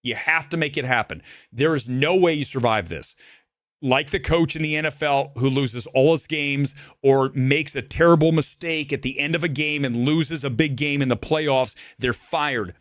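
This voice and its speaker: A man's voice: medium pitch, normal speed, fairly bright tone, no room sound, studio quality. A man ranting angrily as he reviews a film live, repetitive and heated, saying he is shaking with anger. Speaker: movie reviewer.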